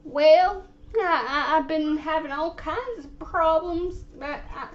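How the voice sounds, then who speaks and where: A woman on a prank phone call, telling her story in a slow, halting, stammering way. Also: very high voice, a little hiss or hum. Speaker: prank caller posing as a frail lady.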